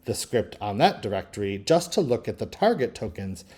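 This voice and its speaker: A man teaching linguistics, talking through a screen-recorded software tutorial in a relaxed, thinking-aloud way with frequent ums. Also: lowish voice, normal speed. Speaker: linguistics instructor.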